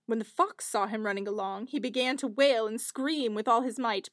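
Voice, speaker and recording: A woman narrating a fairy tale in an expressive storybook style. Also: on the high side, normal speed, few pauses, dry recording.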